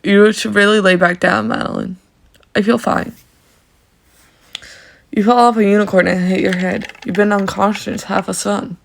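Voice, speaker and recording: A man reading as a calm, caring young man. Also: sits high, moderate pace, vocal fry, long pauses. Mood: concerned. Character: caring young man tending a hurt woman.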